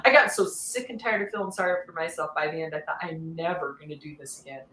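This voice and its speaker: A woman guest on a podcast, telling her story in a candid, lively way, laughing often and acting out what others said. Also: low-pitched, quick pace, roomy sound, slight background noise, rough recording. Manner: animated, laughs often, acts out quoted voices.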